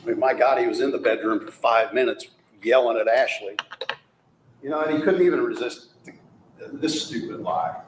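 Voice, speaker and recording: A man delivering a closing argument in a courtroom, pressing the jury with forceful, rhetorical questions. His voice sits at an ordinary middle pitch, and it rings in a roomy hall with a faint hum underneath. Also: normal speed. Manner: forceful, rhetorical, mocking quotes of the defendant. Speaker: prosecutor.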